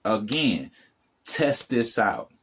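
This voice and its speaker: A man's voice: lowish voice, big pitch swings, extremely slow, a bit bright, slight background noise. A middle-aged man giving a motivational talk to the camera as a spiritual vlogger, preachy and repetitive, addressing the viewer directly.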